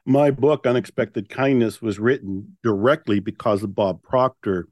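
A man's voice: mid-range voice, normal speed, no room sound. Older guy, podcast guest, emphatic storyteller, dry close mic. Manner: animated, emphatic, quotes his own inner voice. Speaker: podcast guest, author and speaker. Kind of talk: storytelling in a conversational interview.

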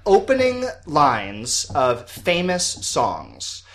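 A man's voice: a little high, wildly swooping pitch, fairly bright tone. Chatty man hosting a quiz. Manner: chatty, laughs often, quick interjections. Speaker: quiz host. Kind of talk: casual podcast quiz chat.

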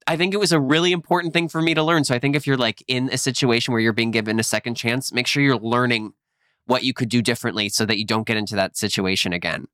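A man's voice: mid-range voice, steady tone, fast, a bit bright, smooth, no echo, clean studio sound. A man co-hosting a podcast in casual chat, upbeat and encouraging. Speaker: podcast co-host.

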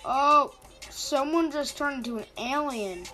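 A woman's voice: sits high, a little slow, rough recording. A young woman rambling through casual, silly game commentary, easily surprised, with game music playing behind.

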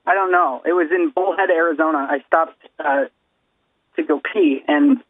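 A man's voice: fairly high pitch, wildly swooping pitch, moderate pace, vocal fry, slightly rough, no echo. A man co-hosting a podcast, telling stories in an easygoing, laid-back way over a phone line. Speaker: podcast co-host. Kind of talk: casual podcast banter.

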